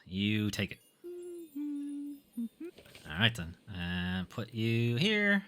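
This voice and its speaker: Reading the game's item text aloud during a stream, this man stays offhand and mutters casual remarks between the read-outs. His fairly low voice is smooth yet sharp in tone, sing-song, with drawn-out words and long pauses.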